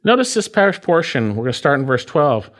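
A pastor with a fairly high, sing-song voice preaches an expository sermon verse by verse at a fairly quick pace. His delivery rises and falls emphatically as he stresses and repeats key phrases.

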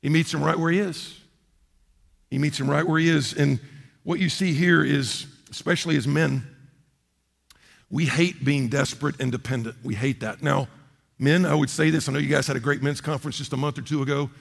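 A man preaching a sermon as a pastor from the United States, emphatic, repeating key phrases and swinging between loud and quiet. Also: a little high, steady tone, moderate pace, creaky. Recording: long hall reverb.

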